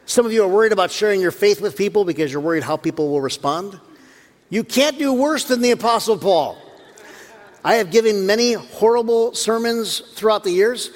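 A man preaching as a pastor, with a fairly high voice that rises and falls a great deal. He tells the story with humor and slips into voices for the people in it. His words ring out with the long reverb of a church hall. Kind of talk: sermon.

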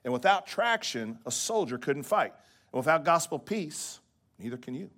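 A pastor delivering a sermon to his congregation in a lively preaching manner. He checks in with "right?" and now and then drops his voice soft and quiet for emphasis. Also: a little high, moderate pace.

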